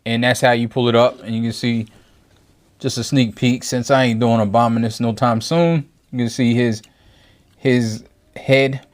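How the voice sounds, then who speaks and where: A man's voice: mid-range voice, fairly even intonation, moderate pace. A man giving a casual toy review from his home review table, rambling and thinking aloud with frequent self-corrections.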